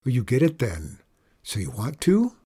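A man's voice: mid-range voice, wildly swooping pitch, normal speed, warm tone, slightly rough. A man voicing an easygoing, friendly middle-school boy. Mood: eager. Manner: easygoing, eager.

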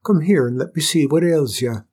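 Gentle lad, kind and eager, soft lilting voice, a bit husky, read by a man. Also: fairly high pitch, normal speed, pitched above the performer's own voice. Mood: coaxing. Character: kindly Irish boy, gentle and eager.

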